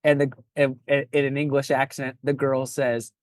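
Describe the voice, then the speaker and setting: Middle-aged male pastor, reflective podcast guest, mid pitch. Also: monotone, normal speed, no echo. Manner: reflective, restarts phrases often. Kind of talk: casual podcast conversation.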